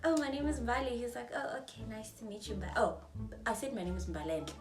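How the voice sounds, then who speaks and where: A young South African woman tells a story to her vlog audience, chatty and animated, acting out each person's lines. Her pitch leaps up and down constantly. She sits at a distance from the mic in an echoey room, with faint music playing underneath. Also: quick pace. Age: 20s. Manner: animated, chatty, acts out dialogue in shifting voices. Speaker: vlogger.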